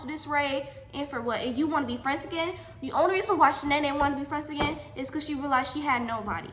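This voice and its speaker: A young adult woman telling a personal story in a storytime vlog, animated and emphatic, often repeating her lines. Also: sits high, a little fast. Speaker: vlogger. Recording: echoey room.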